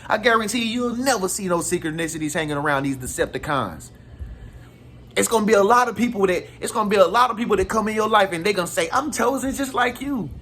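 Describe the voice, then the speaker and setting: A man's voice: high-pitched, lively intonation, quick pace, a bit bright, slight background noise. A man giving casual spiritual advice to his viewers in a slangy, emphatic way, full of rhetorical questions. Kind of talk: casual motivational talk to viewers.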